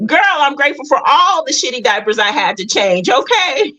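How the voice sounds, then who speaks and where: A woman's voice: high-pitched, bright, forceful tone. A middle-aged woman hosting a casual livestream. She talks straight to her viewers, earnest and emotional. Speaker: livestream host.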